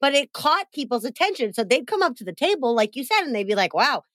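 An animated woman hosts a podcast in easy, casual chat. Her voice sits a little high and sounds close and dry, with no room around it. She often breaks into playful voices when she quotes people. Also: fast talker, no room sound. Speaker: podcast host.

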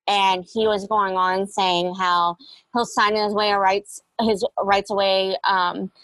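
A woman's voice: medium pitch, little pitch movement, slow pace, fairly bright tone, no echo, rough recording. Young woman, interview guest, personal story, frank, many ums, dry sound. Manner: candid, reflective, with frequent fillers.

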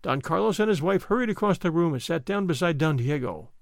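A man's voice: fairly high pitch, expressive, brisk, creaky, no room sound, clean studio sound. Theatrical male storybook narrator. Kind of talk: audiobook reading.

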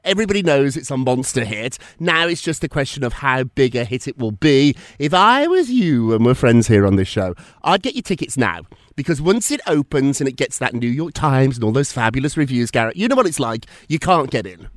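A man's voice: medium pitch, sing-song, fairly quick, hardly any pauses, no room sound, clean studio sound. A man hosting a celebrity gossip show, chatty and theatrical. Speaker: podcast host.

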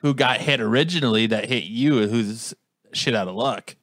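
A man's voice: mid-range voice, normal speed, fairly bright tone, dry recording. A man in casual chat making dry jokes about a friend's story. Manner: dry joking commentary.

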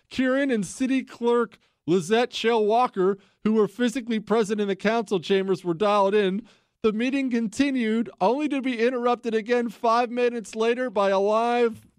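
A man's voice: high voice, normal speed, clear, resonant tone, no echo, studio quality. A man hosting a talk show, rambling in a casual, sarcastic way and breaking into laughter. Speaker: radio talk show host. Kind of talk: casual talk radio monologue.

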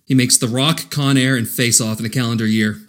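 A man's voice: mid-range voice, fairly even intonation, fairly quick. A man co-hosting a casual movie podcast, recapping the plot with dry jokes. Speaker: podcast co-host. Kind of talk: casual movie-review chat.

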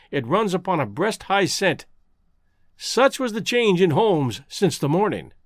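Expressive male storyteller, dry sound. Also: a little high, no room sound. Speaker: narrator. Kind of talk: scripted narration.

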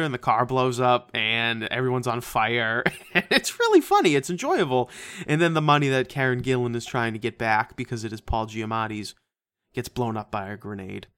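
A man's voice: mid-range voice, expressive, normal speed, fairly bright tone, no room sound. A man co-hosting a casual movie-review podcast, profane and sarcastic, laughing often as he talks. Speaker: podcast co-host.

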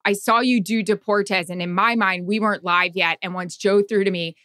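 A woman co-hosting a podcast in casual chat, excitable, swearing freely and acting out what people said. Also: medium pitch, moderate pace, no echo, studio quality. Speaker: podcast co-host.

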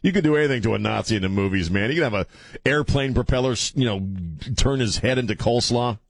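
A man's voice: medium pitch, quick pace, creaky, no room sound, clean studio sound. A middle-aged man hosting a radio talk show, joking loosely and provocatively and laughing often. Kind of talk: casual radio banter.

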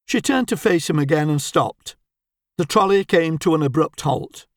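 A man narrating a humorous story in a wry, measured reading voice. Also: fairly high pitch, lively intonation, no room sound, clean studio sound.

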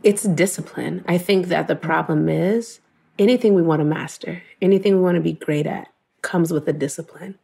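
Woman w a low gravelly voice, earnest heartfelt storytelling, lots of "like". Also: normal speed, dark tone. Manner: earnest, emotional, fillers of "like", quotes herself.

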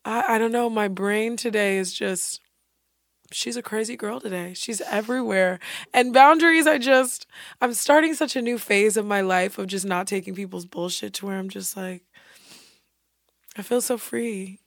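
A young woman chatting casually, blunt and animated, swearing freely and acting out quotes. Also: medium pitch, moderate pace, dry recording, clean studio sound. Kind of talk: casual chat.

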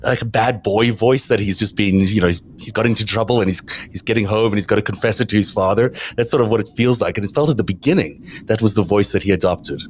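A male host moderates a political panel, talking fast in a low voice. His sentences wander and restart as he leads the discussion. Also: a little hiss or hum. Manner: rambling, with fillers and restarts.

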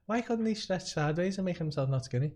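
A man's voice: sits high, fast talker. A man hosting a podcast, chatting casually, joking and laughing often. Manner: laughs often, jokey and animated. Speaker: podcast host. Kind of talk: casual chat.

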